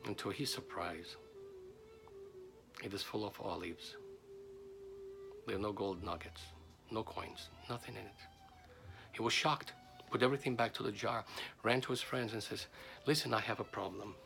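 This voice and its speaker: A man telling a folk tale in an animated way, shifting between loud and hushed. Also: on the low side, moderate pace, vocal fry, pauses often, over music. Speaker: storyteller.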